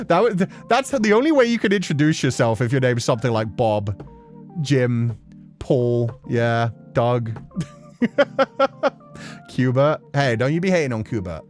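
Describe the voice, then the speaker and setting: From his home apartment, a man streams a game, chatting casually, laughing often, and reading the game aloud. His mid-range voice swings widely in pitch at a slow pace with frequent pauses, and faint music plays behind him.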